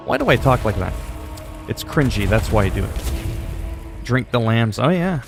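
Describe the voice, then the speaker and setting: A man's voice: medium pitch, very animated, normal speed, vocal fry, pauses often, soft background music. A man in his forties chatting casually on a game livestream, rambling, with crude joking asides. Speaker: game streamer.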